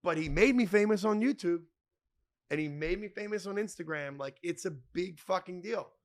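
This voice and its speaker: A middle-aged man hosts a podcast from a bar, rambling through profane, joking stories. His voice is gravelly and sits a little high for a man. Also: moderate pace. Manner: rambling, profane, jokey name-dropping. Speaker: podcast host. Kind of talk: casual storytelling chat.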